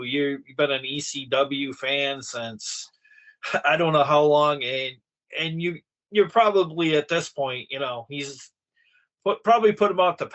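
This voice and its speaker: A man's voice: on the high side, a bit bright. A man co-hosting a casual podcast, hesitant, with many fillers and frequent laughs. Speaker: podcast co-host.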